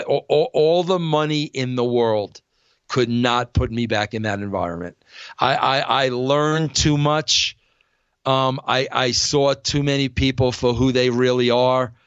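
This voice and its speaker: A man's voice: mid-range voice, smooth, dry recording, highs cut off. An older man hosting a podcast, talking bluntly and with energy, with "bro" in almost every thought. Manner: blunt, animated, says "bro" often. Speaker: podcast host. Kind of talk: casual podcast talk.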